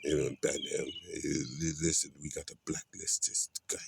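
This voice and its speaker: A man's voice: extremely low pitch, level tone, normal speed, gravelly, slight background noise. A man, filled with "you know" and quoting scripture like a street preacher. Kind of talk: casual spoken monologue.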